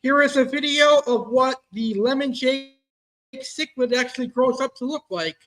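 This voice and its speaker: A man's voice: extremely high pitch, moderate pace, fairly bright tone. A man hosting an amateur online show, talking in an upbeat, enthusiastic way. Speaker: show host. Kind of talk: casual hosting.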